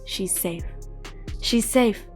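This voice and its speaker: Woman doing a soft, gentle ghost woman. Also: medium pitch, extremely slow, faint music behind. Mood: soothing.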